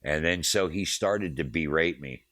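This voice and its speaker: A man's voice: rumbling low, measured pace, sharp tone, no echo, clean studio sound. A man, a touring veteran telling heated, profane road stories in a casual interview. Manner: profane, heated storyteller, acts out quotes. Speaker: touring manager guest.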